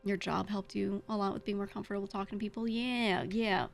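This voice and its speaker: A woman's voice: mid-range voice, steady tone, fairly quick, vocal fry, faint music behind. A woman streamer chatting casually with her chat, giving blunt, frank advice with some swearing. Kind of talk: casual livestream chat, answering chat.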